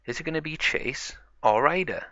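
A man's voice: a little high, expressive, normal speed, sharp tone, no room sound, dull audio, voice pushed up. A man voicing a cheerful, eager little girl pig who runs a garage, in a toy play story. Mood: excited.

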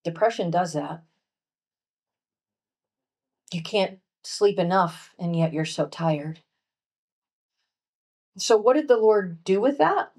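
Woman teaching scripture at a women's retreat, gentle and earnest, goes soft and hushed sometimes. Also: on the low side, lively intonation, slow pace, long pauses. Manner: gentle, earnest, drops to a soft hush on key points; reads scripture aloud and acts out voices. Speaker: workshop speaker at a pastors' wives' retreat.

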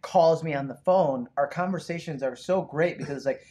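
A man's voice: a little high, normal speed. A man hosting a live talk show, chatting casually and joking with voices of people he meets. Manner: lively, jokey, acts out voices. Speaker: host. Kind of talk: casual chat.

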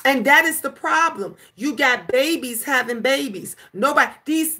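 A middle-aged grandmother ranting in casual commentary, emphatic and scolding, animated as she tells stories. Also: sits high, normal speed. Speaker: commentary channel host.

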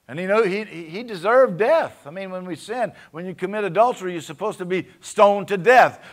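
A man's voice: high voice, a little fast, hardly any pauses. A man with a Cajun accent preaching a sermon in a conversational way, often asking his congregation for an amen. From Louisiana. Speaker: pastor.

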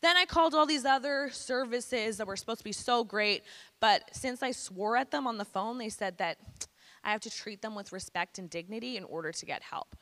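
A woman's voice: a little high, lively intonation, brisk, fairly bright tone, in a large hall. A woman in her thirties giving a candid, conversational personal testimony to students as a guest speaker, using casual slang. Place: school hall.

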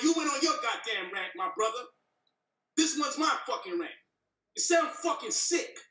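A man's voice: very high-pitched, pushed and bright. A man in a heated debate, ranting passionately with heavy profanity and a preachy tone. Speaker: debate guest. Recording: echoey room, distant from the mic.

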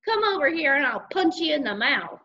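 A mocking, sing-song big sister who teases her little brother without mercy, as a woman reading a storybook puts her on. The voice swoops high and low, over a dull, lo-fi recording. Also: very animated, fairly quick, pushed and bright, heavily acted. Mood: taunting. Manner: taunting. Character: mean teasing big sister.

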